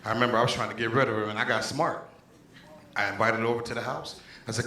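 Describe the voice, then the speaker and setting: A man's voice: medium pitch, fairly even intonation, fast, sharp tone. A man from Pittsburgh doing a stand-up set in a small comedy club, cursing freely and working the crowd. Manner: profane, loose, crowd-working banter. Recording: echoey room with crowd noise.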